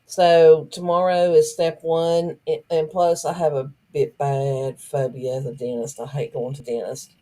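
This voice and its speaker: A woman's voice: low-pitched, flat delivery, measured pace, hardly any pauses, mellow. A woman co-hosting a livestream, frank and joking. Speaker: co-host. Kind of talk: casual livestream chat.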